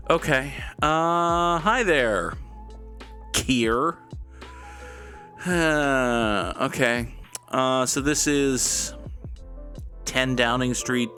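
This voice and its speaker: A man's voice: lowish voice, sharp tone. A man casually commenting while he plays a guessing game, rambling and joking to himself and swearing now and then. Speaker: gaming YouTuber.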